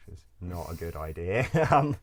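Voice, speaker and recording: A man with a very low, deep voice tells stories in a loose, rambling way. He leans on "like" constantly, swears without a second thought and breaks into laughter as he goes. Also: sing-song, moderate pace. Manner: rambling, full of "like", swears freely, laughs often. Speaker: interview guest. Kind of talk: casual storytelling.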